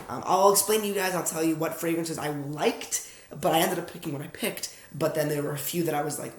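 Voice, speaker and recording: Talking fast in a slightly high voice, a young American fragrance reviewer rambles casually through an unboxing vlog, self-aware as he speaks to viewers. He's recording at night in an echoey room at home.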